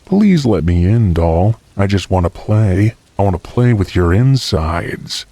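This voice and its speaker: A man voicing a creepy male clown who taunts slowly. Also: low voice, lively intonation, mellow, no echo, full character voice. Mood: menacing.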